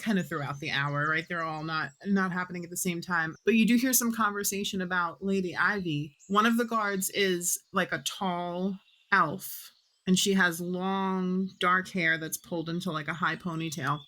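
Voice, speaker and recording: Woman game master, rambling tabletop narration, lowish voice. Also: normal speed, sharp tone. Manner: rambling, filler-heavy narration.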